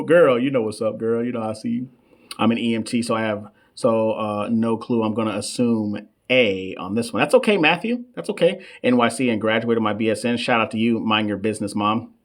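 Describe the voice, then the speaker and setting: A man, running a casual live-stream teaching session for nursing students and reading shout-outs from the chat. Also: fairly low pitch. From United States. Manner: chatty, reads chat shout-outs, stumbles over long terms. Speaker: nurse coach hosting a live question session. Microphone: desk microphone.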